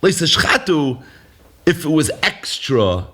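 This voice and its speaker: A man's voice: a little high, very animated, a little slow, pushed and bright, breathy edge. A man teaching a daily Talmud lesson, explaining step by step and asking and answering his own questions.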